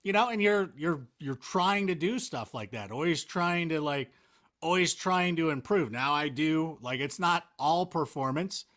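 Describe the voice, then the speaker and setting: Animated, rambling man in casual chat. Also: on the high side, unhurried. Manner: animated, rambling, self-mocking. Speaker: interview guest, NFL analyst.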